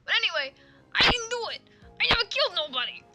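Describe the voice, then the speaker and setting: A woman's voice: sing-song, normal speed, music in the background. Woman voicing a frantic wailing male convict. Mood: frantic pleading. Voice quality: shrill, wailing. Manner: frantic pleading, double negatives. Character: panicky weeping male escaped convict.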